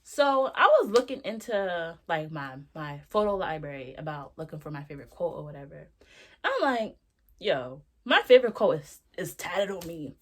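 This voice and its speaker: A young woman with a slightly low-pitched voice talks into a close camera, sharing a candid video diary. Her speech is loose and slangy, full of fillers and asides as she reflects out loud. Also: big pitch swings, normal speed, a little hiss or hum. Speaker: vlogger.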